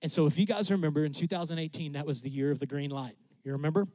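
Middle-aged male preacher, storytelling testimony, slightly higher voice, close dry sound. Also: racing, dry recording. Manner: animated, voice jumps high when excited. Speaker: preacher sharing a mission testimony. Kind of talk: sermon storytelling.

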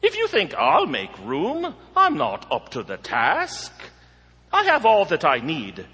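A man's voice: a little high, wildly swooping pitch, slow pace, pushed and bright, husky, heavily acted. A man voicing a proud, haughty self-made man who speaks in a scornful, dismissive way. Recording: long hall reverb.

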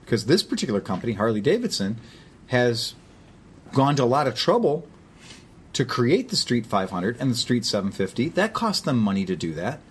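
Guy on a podcast, husky voice, bouncy pitch, swears a lot. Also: brisk. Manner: animated storyteller, swears freely. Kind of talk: casual chat.

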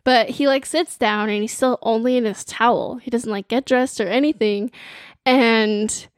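A young woman co-hosting a podcast, telling a story in casual chat with a lively, filler-heavy manner. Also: on the high side, normal speed, dry recording, studio quality. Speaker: podcast co-host.

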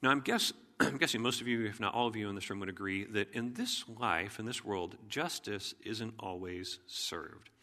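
Male pastor, sermon, low-ish bright voice, keeps clearing his throat, long hall reverb. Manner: frequent throat clearing, earnest and measured.

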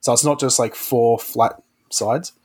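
A man's voice: mid-range voice, steady tone, a little slow, darkish tone, husky. Guy hosting a maker podcast, lots of um and like, pretty chill. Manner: rambling, many fillers. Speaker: podcast host. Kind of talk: casual chat.

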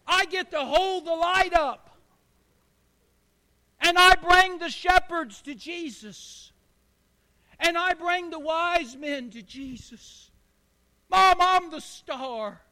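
A man voicing an excited little boy who is thrilled about his part in a church play, sounding breathless and insistent. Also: very high-pitched, moderate pace, pitched above the performer's own voice.

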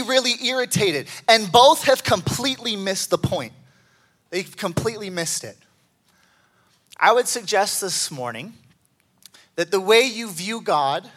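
A man preaching a sermon as a pastor, telling stories with excited jumps in his voice. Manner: animated storytelling with excited pitch jumps.

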